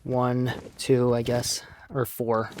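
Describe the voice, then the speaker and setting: A man's voice: mid-range voice, completely flat delivery, slow pace, noisy background. A young man hosting a let's play, casually recapping a novel while muttering at the game he is playing. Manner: chatty, mutters at the game mid-story.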